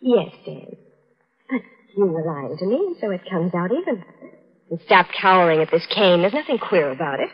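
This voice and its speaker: A woman's voice: on the low side, big pitch swings, normal speed, slightly rough. An actress in an old radio drama playing a scheming young woman who coaxes a confession from her fiancé and then blackmails him. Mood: cold. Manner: sweetly coaxing, then cold and cutting. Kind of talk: 1940s radio drama acting. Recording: dull, lo-fi old radio recording.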